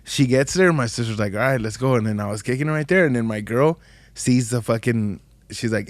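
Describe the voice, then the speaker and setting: A man's voice: medium pitch, brisk, no echo. A man hosting a podcast who tells a story in a casual, slangy, profane way. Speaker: podcast host. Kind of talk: casual chat.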